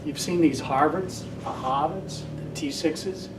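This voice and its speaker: A man's voice: on the high side, measured pace, over music. An older man giving a casual lecture and telling rambling stories. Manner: rambling storyteller, acts out quoted voices. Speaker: guest speaker. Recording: echoey hall from far off.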